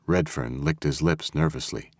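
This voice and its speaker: A man narrating a thriller audiobook in a steady, even storytelling manner. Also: extremely low pitch, normal speed, gravelly, no room sound. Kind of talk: scripted narration. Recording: dry close studio audio.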